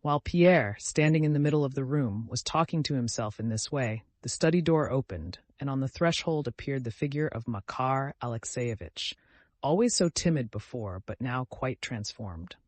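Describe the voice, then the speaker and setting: Male audiobook narrator, mid pitch, measured, dry booth. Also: no room sound. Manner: steady, measured storytelling. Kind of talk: scripted narration.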